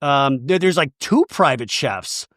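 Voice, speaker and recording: A man's voice: medium pitch, lively intonation, measured pace, fairly bright tone, dry recording, studio quality. A man hosting a podcast, giving a rambling, sarcastic, profane comedic recap of a TV episode. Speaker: podcast host.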